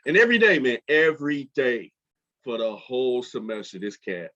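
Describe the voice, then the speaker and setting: A middle-aged man hosting his podcast, telling a personal story in a casual, animated way with lots of fillers. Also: mid-range voice, moderate pace. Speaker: podcast host. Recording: dull lo-fi podcast audio.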